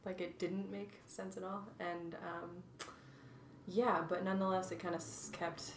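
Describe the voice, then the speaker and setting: A woman's voice: fairly low pitch, flat delivery, a little slow. A woman in her twenties, a guest talking reflectively with many fillers and restarts, recorded in an echoey room from a distance. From North Carolina, USA. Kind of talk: casual interview chat. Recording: echoey room, distant mic, faint noise.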